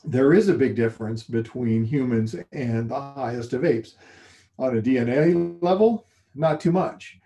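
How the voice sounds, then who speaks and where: A man co-hosting a relaxed conversation about faith, his voice warm and mellow. He talks thoughtfully, pausing and restarting as he works through ideas. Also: mid-range voice. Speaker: co-host. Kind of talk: casual faith discussion.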